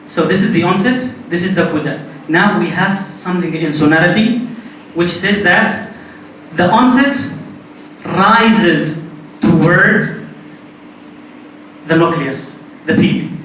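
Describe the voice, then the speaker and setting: A man's voice: sits high, takes it slowly, long pauses, a bit bright. A man whose first language is Arabic gives a linguistics lecture in a classroom, explaining step by step and repeating key points. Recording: very echoey room, distant mic, faint noise.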